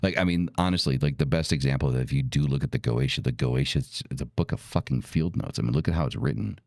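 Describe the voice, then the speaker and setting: A man's voice: rumbling low, quick pace, creaky, a little mellow, no echo. A man hosting a podcast, talking casually, blunt and profane with emphatic delivery. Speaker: podcast host. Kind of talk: casual talk.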